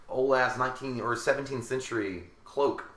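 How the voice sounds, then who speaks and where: A man's voice: mid-range voice, measured pace, fairly bright tone, reverberant. A man in his thirties hosting a casual movie commentary, crude and joking, laughing often.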